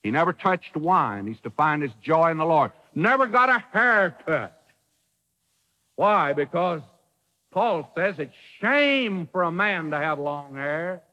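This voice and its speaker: High, lively old-time radio preacher. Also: male voice, slow pace, big-room sound, poor audio. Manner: preaching with folksy wording and dramatic quotes. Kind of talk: sermon.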